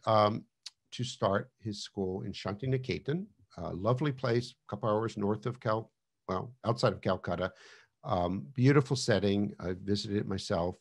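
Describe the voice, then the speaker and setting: Low, gravelly man lecturing. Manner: conversational with fillers and restarts. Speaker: author giving an online lecture. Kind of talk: casual lecture. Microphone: video call.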